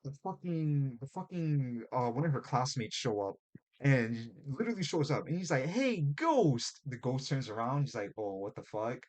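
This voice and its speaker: A man co-hosting a casual podcast, speaking at an ordinary middle pitch. He rants about a show's plot in loose, profane, animated chat. He drops into quick mock voices for the characters. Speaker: podcast co-host.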